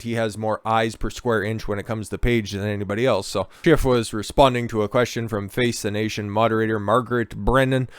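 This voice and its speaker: A man's voice: on the low side, clean tone, no room sound. A man giving heated, profane and sarcastic political commentary, reading out news and then ranting back at it.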